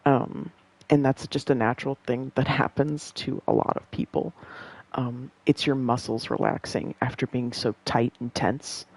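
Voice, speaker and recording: Femme bavarde au grain éraillé. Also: female voice, extremely low pitch, steady tone, a little slow, darkish tone, slightly rough, low-quality recording. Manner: rambling, laughs often, swears casually. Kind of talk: casual chat.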